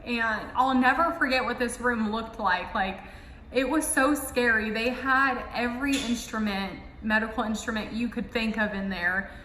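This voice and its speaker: A woman's voice: fairly high pitch, normal speed, bright, forceful tone, echoey room, big-room sound, a little hiss or hum, low-quality recording. Casual young woman telling her story. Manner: casual, emotional, heavy filler "like". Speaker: vlogger. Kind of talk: personal storytelling.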